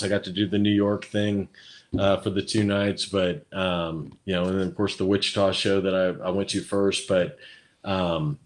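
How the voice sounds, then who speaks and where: A man chatting as an interview guest, rambling with many fillers and restarts. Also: on the low side. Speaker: guest musician. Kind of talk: casual interview chat.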